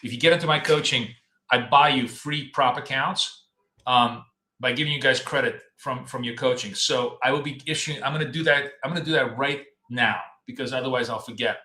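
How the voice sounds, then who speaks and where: Man, live stream host, casual rambling chat, bright forceful voice, roomy echo. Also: mid-range voice, brisk. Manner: rambling, chatty, addresses viewers by name. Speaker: trading coach and stream host. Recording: echoey room.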